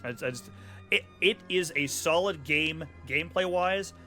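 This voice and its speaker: A man's voice: on the high side, normal speed, bright, forceful tone, soft background music. A man commentating casually while he plays a video game, joking and rambling sarcastically over the cutscenes. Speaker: streamer playing a video game. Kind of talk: casual let's-play commentary.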